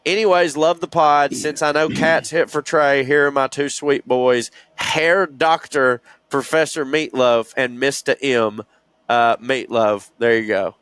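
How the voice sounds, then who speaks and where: A man's voice: medium pitch, fairly even intonation, unhurried, a bit bright, clear, resonant tone, no echo. A man with a Southern accent co-hosting a podcast, chatting casually and reading listener emails aloud in a storytelling way. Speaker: podcast co-host.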